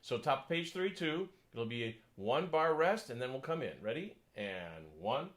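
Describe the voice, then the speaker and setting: A man working as a choir conductor, coaching a section through a piece, counting in and singing parts, sometimes in falsetto. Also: big pitch swings, measured pace, low-quality recording. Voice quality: sings in falsetto. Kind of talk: choral coaching lesson.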